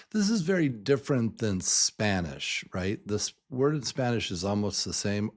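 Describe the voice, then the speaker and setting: An older man teaching English pronunciation to beginners, repeating each word many times and stretching his pitch up and down to show the stressed syllable. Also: sing-song, a little slow, hardly any pauses. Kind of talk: slow, deliberate pronunciation lesson.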